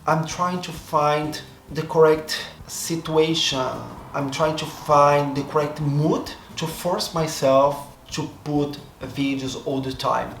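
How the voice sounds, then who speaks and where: A man from Brazil with a Brazilian accent, a Portuguese native speaker, talking to his camera in a reflective, hesitant way, often stopping to restart and rethink his words. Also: a little high. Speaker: vlogger. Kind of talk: casual monologue to camera. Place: seated in front of a camera. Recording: echoey room, faint background noise.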